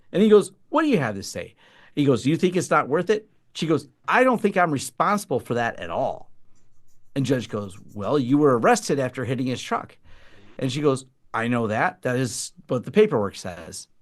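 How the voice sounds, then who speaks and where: A man co-hosting a tech podcast, telling a funny story in a casual, animated way and laughing as he goes. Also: mid-range voice, normal speed. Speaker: podcast co-host.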